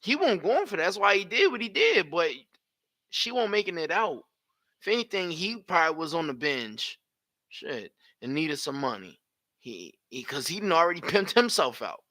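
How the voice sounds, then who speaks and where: Blunt, animated man with a bright voice. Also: fairly high pitch, moderate pace, dry recording. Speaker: live reaction streamer. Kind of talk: reaction commentary.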